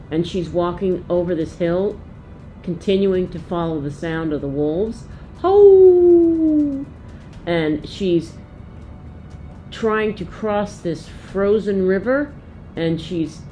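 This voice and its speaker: Woman, deep voice, unhurried; gentle picture-book read-aloud for children. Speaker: storyteller walking through a picture book.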